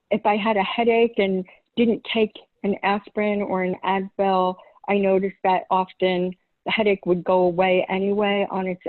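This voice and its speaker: A woman's voice: medium pitch, no echo. Middle-aged woman guest on a tinny line. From Long Island, New York. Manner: hesitant, many ums, light laughs. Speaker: podcast guest, holistic chiropractor. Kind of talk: casual interview answers.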